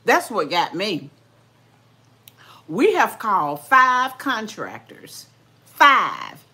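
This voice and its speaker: Older lady chatting slow and folksy while she eats, bright voice that bounces all over. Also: medium pitch, huge pitch swings. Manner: folksy, chatty, talks with mouth full. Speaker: vlogger. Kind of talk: casual livestream chat while eating.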